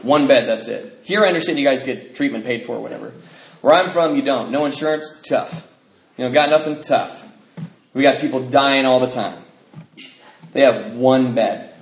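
A man telling his recovery story to an audience as an animated storyteller who laughs as he talks. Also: medium pitch, normal speed. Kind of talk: personal testimony to an audience. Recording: echoey room with faint noise.

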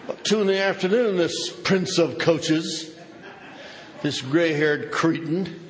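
Speaking slowly in a voice on the high side, an older man delivers a comic story at a recovery meeting. His humor is sardonic and punchy, and the echoing hall carries background noise.

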